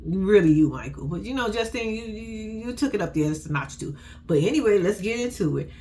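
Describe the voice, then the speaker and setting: Speaking briskly in a mellow voice, a woman bluntly and sassily rehashes a reality show, swearing freely and using AAVE features. She swings her pitch a lot when quoting people, and slight background noise can be heard.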